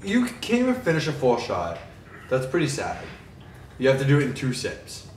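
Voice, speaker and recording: A man's voice: mid-range voice, huge pitch swings, normal speed, reverberant, far from the mic, noisy background. A tipsy man chatting through a casual movie review, profane and giggly.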